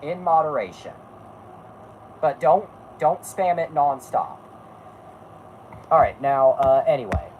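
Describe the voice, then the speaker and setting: Woman, podcast host, casual chat, low and lively voice, blunt, rambling, swears often. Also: slow, pauses often, dull audio, a little hiss or hum. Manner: blunt, rambling, self-correcting, swears freely.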